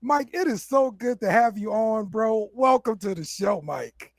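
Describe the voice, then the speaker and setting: A man's voice: high-pitched, unhurried, very noisy. A man hosting a casual sports chat show, laid back, often repeating words and laughing. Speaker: podcast host.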